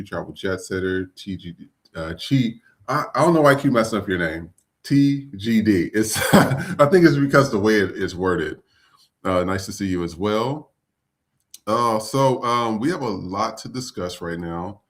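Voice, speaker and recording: A man hosting a live podcast stream in a loose, chatty way with many fillers. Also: on the low side. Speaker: podcast host.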